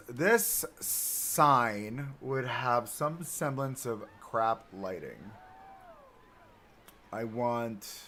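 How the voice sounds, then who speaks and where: A man's voice: mid-range voice, fairly bright tone, slight background noise. A young man chatting to himself and his viewers as he builds in a live game stream. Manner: chatty, self-talking while building. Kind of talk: live gameplay commentary.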